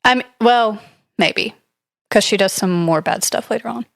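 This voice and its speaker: A woman's voice: medium pitch, a little slow, gravelly, a bit bright, no echo, studio quality. Chatty woman retelling a ghost story. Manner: chatty, hedging, reads from notes with frequent likes and I don't knows. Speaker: podcast co-host. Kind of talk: casual storytelling chat.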